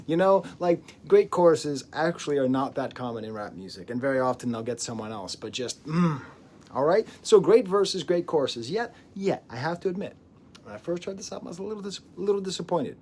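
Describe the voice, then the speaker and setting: A man giving a casual album review as a music reviewer, animated and digressive, laughing often and dropping into whispers. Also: fairly high pitch, brisk.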